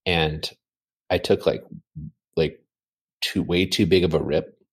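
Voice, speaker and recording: A man chatting casually from home, telling an animated, rambling story full of fillers. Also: low-pitched, slow, husky. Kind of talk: casual chat.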